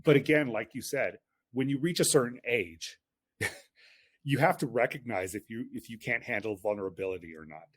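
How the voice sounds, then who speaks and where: A man's voice: medium pitch, lively intonation, moderate pace. A man in his late forties, a guest on a podcast, talking earnestly and reflectively in casual conversation. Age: late 40s. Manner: earnest, reflective, often agrees.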